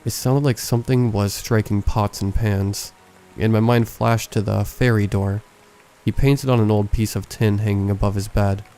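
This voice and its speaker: A man reading a horror story aloud as a scripted narration, in a measured, hushed storytelling manner. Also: fairly low pitch, steady tone. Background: faint background music.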